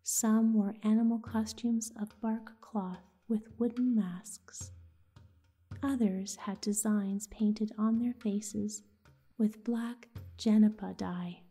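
A woman telling a sleep story in a soft, soothing whisper. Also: medium pitch, slightly rough.

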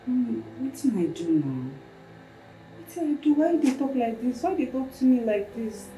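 A woman's voice: a little high, very animated, moderate pace, warm tone, a little hiss or hum. A young Nigerian woman acting a former maid who asks pleading questions. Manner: pleading questions in pidgin-tinged English. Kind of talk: film drama acting. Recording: roomy, distant from the mic. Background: music and crickets.

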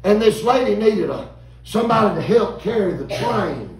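A man, preaching a revival sermon in a folksy, animated storytelling way and calling out to the congregation. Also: sits high, normal speed. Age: 50s. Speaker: visiting preacher. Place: church sanctuary. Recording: echoey church room, mic at a distance.

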